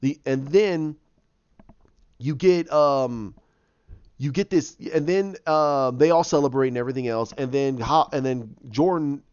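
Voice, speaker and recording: A man's voice: mid-range voice, a little slow, darkish tone, clear, resonant tone, no echo, highs cut off. A man casually retelling his own movie idea, rambling with many restarts and repeated words. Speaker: fan pitching his own movie plot.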